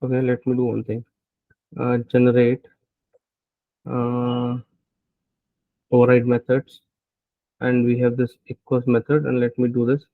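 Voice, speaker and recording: A man's voice: medium pitch, monotone, unhurried, pauses often, no room sound. Male coding instructor working through code live, tinny dry recording, muttering and questioning himself. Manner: thinking aloud, frequent "right?" checks. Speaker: programming instructor.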